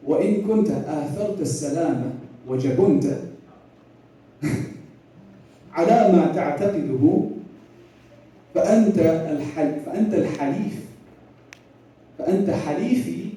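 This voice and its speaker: Animated lecturer in an echoey hall. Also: male voice, high voice. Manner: animated storyteller, acts out dialogue, laughs often. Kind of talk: lecture retelling history in casual slang. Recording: echoey hall, mic at a distance.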